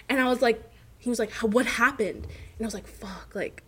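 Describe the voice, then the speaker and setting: A woman's voice: fairly high pitch, fairly quick, breathy edge. A young woman co-hosting a podcast in casual chat, giggly and teasing, swearing freely. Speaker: podcast co-host.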